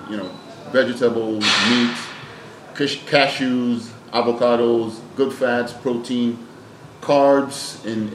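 A man, a fitness trainer and nutrition coach, answering interview questions in a plain-spoken, emphatic way and often repeating words as he thinks. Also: medium pitch. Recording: echoey room with background noise.

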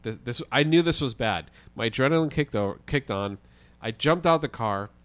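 A man, a guest on a podcast, telling a story in a casual, animated way with the odd swear word. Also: medium pitch, moderate pace. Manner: animated, vivid retelling with occasional swearing.

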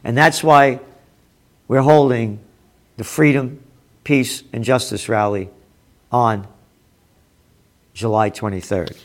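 A man's voice: mid-range voice, fairly even intonation, takes it slowly, pauses often. A man hosting a show, reading news headlines aloud and commenting with sarcastic, profane asides that turn heated. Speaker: host.

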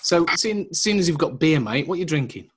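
A man's voice: fairly high pitch, lively intonation, fairly quick, fairly bright tone, breathy edge. A man co-hosting a podcast in casual chat, teasing and chatty. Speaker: podcast co-host.

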